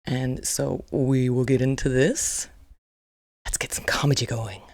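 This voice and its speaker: A woman's voice: rumbling low, steady tone, measured pace, a little mellow, no room sound, clean studio sound. A woman hosting a reaction video, chatting casually and laughing along while repeating punchlines. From Native American.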